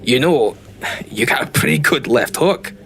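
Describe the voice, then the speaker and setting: A man voicing a gruff, stubborn but protective male dwarf fighter in a tabletop game. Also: medium pitch, sing-song, a little slow, fairly bright tone, a little hiss or hum. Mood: gentle. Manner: gruff, calls people lass.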